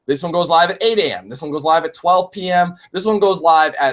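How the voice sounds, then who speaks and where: A man in his twenties chatting on a live-streamed Q&A, animated, swearing and laughing often. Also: fairly high pitch, brisk. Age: 20s. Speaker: YouTube gamer and streamer.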